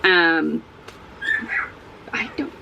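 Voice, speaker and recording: A drowsy woman chats casually at home for her book vlog, rambling animatedly and frequently cutting herself off mid-thought while a dog barks nearby. Her voice is lowish and creaky with stretched-out words, and the recording is muffled with background noise.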